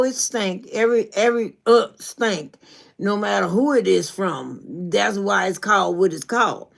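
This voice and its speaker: Folksy woman. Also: mid-range voice. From New Orleans. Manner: folksy, preachy, encouraging. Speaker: YouTube coach. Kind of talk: casual livestream talk.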